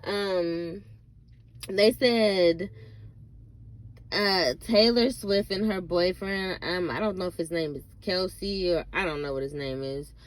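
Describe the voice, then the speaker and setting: Blunt, swearing woman vlogger, low voice. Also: takes it slowly. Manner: blunt, profane, exasperated; rambling with many fillers. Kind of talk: casual rant to camera.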